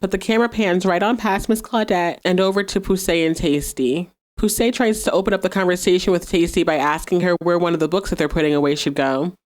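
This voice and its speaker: A woman hosts a podcast, casually recapping an episode in a lowish voice that's fairly quick with few pauses. Chatty, she laughs often and acts out the characters' lines.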